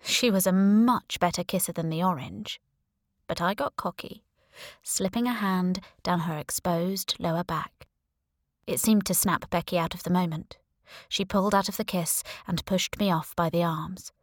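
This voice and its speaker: A woman's voice: on the low side, moderate pace, dry recording, studio quality. A woman reading a first-person audiobook in a wry, conversational storytelling manner. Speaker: audiobook narrator.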